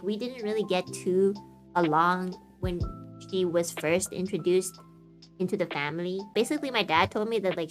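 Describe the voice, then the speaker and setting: A woman in her twenties from Canada, chatting frankly and casually on a stream, full of fillers and swearing. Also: medium pitch. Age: 20s. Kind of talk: casual chat.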